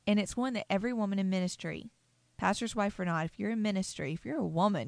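A woman's voice: mid-range voice, quick pace, gravelly, no room sound. A middle-aged woman, a pastor's wife, chatting casually about ministry books and laughing easily as she tells stories. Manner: warm storytelling, laughs easily. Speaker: pastor's wife, podcast co-host.

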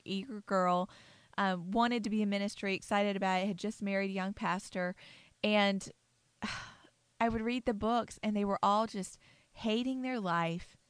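A woman's voice: mid-range voice, clear, resonant tone, no echo. Middle-aged woman, laughing storyteller, dry sound. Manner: warm storytelling, laughs easily. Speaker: pastor's wife, podcast co-host. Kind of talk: casual conversation about books.

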